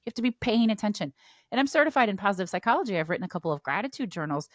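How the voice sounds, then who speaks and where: A woman coach, a guest on a podcast, chatting casually in an emphatic, animated way. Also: mid-range voice, racing, no room sound, studio quality.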